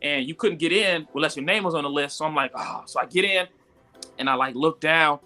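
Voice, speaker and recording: A man telling a story in casual live-stream talk, animated and full of "like" and "yo", jumping high when he quotes people. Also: brisk, faint music behind. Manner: animated, acts out quotes with sudden high pitch jumps; frequent fillers "like" and "yo". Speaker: guest entrepreneur.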